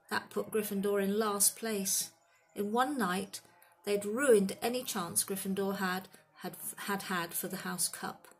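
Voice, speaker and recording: A woman narrating a children's fantasy book in a steady, expressive reading voice. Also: medium pitch. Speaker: audiobook reader. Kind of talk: storybook narration.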